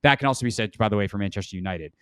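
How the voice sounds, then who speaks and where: A man's voice: on the low side, rapid-fire, clear, resonant tone, dry recording, studio quality. A man co-hosting a sports podcast in casual chat, rambling and joking as he corrects himself mid-sentence. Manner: rambling, self-correcting, jokey. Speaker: podcast co-host.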